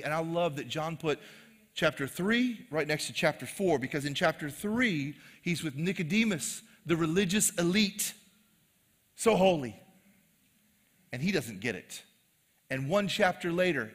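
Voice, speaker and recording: A man's voice: on the high side, a bit bright, in a large hall. A man preaching a sermon to a live congregation, casual and joking in tone. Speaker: pastor. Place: live church service.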